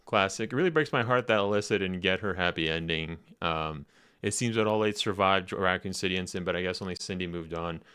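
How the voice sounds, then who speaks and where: Rambling low-voiced male streamer. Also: a little fast, smooth. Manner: rambling, chatty, laughs often; swings sharply up in pitch when excited. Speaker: livestream host reacting to game footage. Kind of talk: casual livestream chat.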